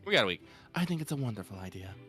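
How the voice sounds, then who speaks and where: A man's voice: lowish voice, big pitch swings, rapid-fire, sharp tone, soft background music. A man bantering crudely and jokingly as co-host of a game stream. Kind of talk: casual let's-play banter.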